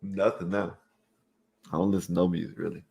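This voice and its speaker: A lower-voiced man with a gravelly edge hosts a call-in stream. He talks loosely and bluntly, swearing in passing. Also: little pitch movement, a little fast, darkish tone. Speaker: stream host. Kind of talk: casual chat.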